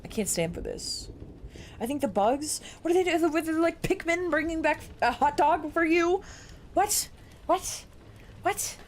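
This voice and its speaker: Excitable, incredulous woman streamer. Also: sits high, measured pace, a little hiss or hum. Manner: excitable, incredulous, swears casually. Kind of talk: live-stream reading and chat.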